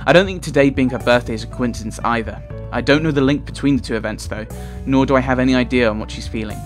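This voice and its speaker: A man reading a visual novel aloud as a let's player, chatty and quick to laugh at his own slips. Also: mid-range voice, faint music behind.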